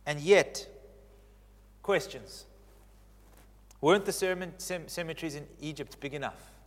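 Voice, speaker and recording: A man preaching a sermon as pastor, stressing key phrases by repeating them and swinging between loud declarations and hushed lines. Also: fairly high pitch, animated, moderate pace, big-room sound.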